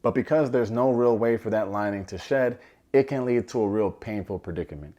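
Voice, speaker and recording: Male show reviewer, slightly low voice, casual, wisecracking recap delivery. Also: brisk, mellow, dull audio. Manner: sarcastic, joking asides.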